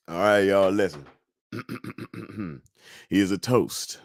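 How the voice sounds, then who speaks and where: A man hosting a casual live chat show, laid-back and chatty, laughing often, swearing freely and breaking into loud whoops. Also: deep voice, extremely slow, dry recording. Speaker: livestream talk show host.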